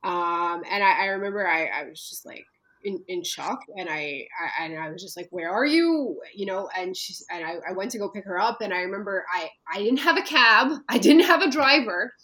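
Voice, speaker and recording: A woman from Canada telling a personal story as an interview guest, earnest and halting, with many fillers and restarts. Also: medium pitch, bright, forceful tone, poor audio.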